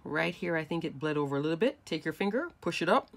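This woman's deep, creaky voice is expressive and fast. She runs a craft tutorial, explaining things in a relaxed, chatty way while working through the project by hand, step by step.

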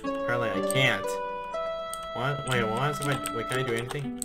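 Excitable male gamer over game music. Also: mid-range voice, brisk. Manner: excitable, exclamatory reactions. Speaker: gaming video creator. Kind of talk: casual gaming commentary.

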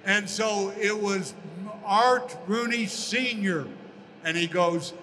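Older man spinning an animated story. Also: sits high, slow, in a large hall, a little hiss or hum. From United States. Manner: animated storyteller, acts out quoted voices. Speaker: interview guest, former pro football player. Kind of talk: storytelling in a casual interview.

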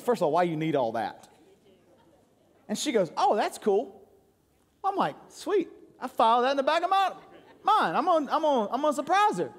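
A man preaches in a high voice. He jokes with his congregation and tells stories about home life. His voice rings with a long reverb through the church sanctuary. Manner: joking, crowd-engaging storytelling. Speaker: pastor. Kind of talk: sermon.

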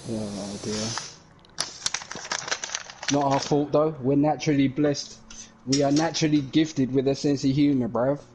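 Young lad streaming a game, slangy banter, quick to laugh. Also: male voice, mid-range voice, noisy background. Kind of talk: casual chat while gaming on stream.

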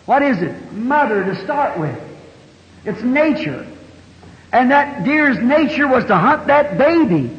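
A man's voice: very high-pitched, sing-song, slow. A man preaching a sermon, telling a story in a folksy country way with plain homespun grammar. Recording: dull, echoey 1960 hall recording.

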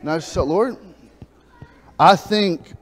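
A man preaching a sermon, telling a folksy, funny fishing story with sudden loud shouts. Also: high-pitched, takes it slowly. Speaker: pastor. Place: church sanctuary. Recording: church hall reverb.

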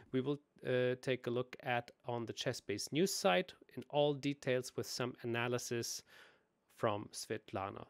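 A man co-hosting a chess lesson, lively and jokey, talking straight to the viewers. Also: mid-range voice, creaky, no room sound, studio quality. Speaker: show host.

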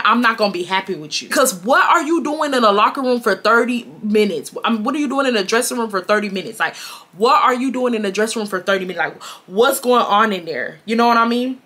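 A woman in her twenties from Houston, telling a storytime to her viewers in a chatty, animated way and calling them y'all. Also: a little high, fast talker. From Houston, Texas. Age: 20s. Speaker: storytime vlogger.

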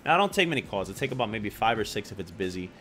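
A man's voice: lowish voice, racing, soft background music. Slangy man telling a story casually. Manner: animated, slangy and crude, says "yo" and "bro". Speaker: vlogger.

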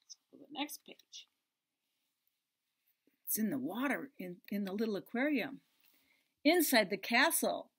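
A woman's voice: mid-range voice, very animated, moderate pace, long pauses, husky. A woman leading a children's story time, reading a picture book aloud in a playful, exaggerated sing-song way for small children.

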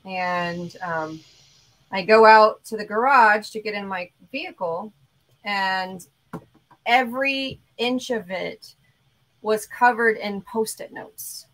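A woman of medium pitch hosts a casual chat and tells a story in a relaxed, easygoing way. She pauses often and fills the gaps with ums and ands. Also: rough recording.

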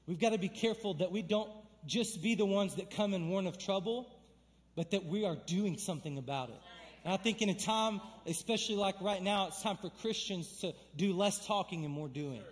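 A young man preaches in a church with a high, bright voice, his words ringing through a long hall reverb. He talks casually and then builds to fervent, emphatic calls. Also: a little fast. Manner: energetic, conversational preaching with emphatic build-ups. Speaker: pastor. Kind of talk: sermon. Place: church sanctuary.

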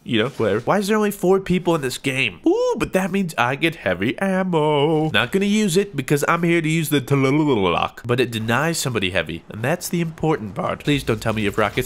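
Excitable young man narrating his gameplay. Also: medium pitch, moderate pace, hardly any pauses. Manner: excitable, jokey, prone to yelps and laughs. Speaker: gaming YouTuber. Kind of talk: gameplay commentary.

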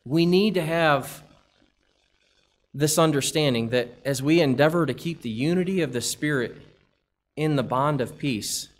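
A man's voice: on the high side, measured pace. A man preaching a church sermon, asking a string of rhetorical questions and reading scripture aloud. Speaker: pastor.

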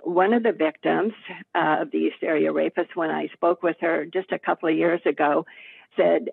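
Gravelly older woman on a phone line. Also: low-pitched, normal speed, no echo. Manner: steady, matter-of-fact recollection. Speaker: retired detective. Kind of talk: recounting case memories in an interview.

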